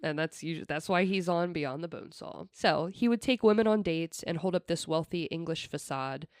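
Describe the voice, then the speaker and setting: A woman's voice: fairly low pitch, normal speed, darkish tone, no echo, clean studio sound. A young woman hosting a podcast, telling a true crime story with chatty, laughing asides into a desk mic. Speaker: podcast host.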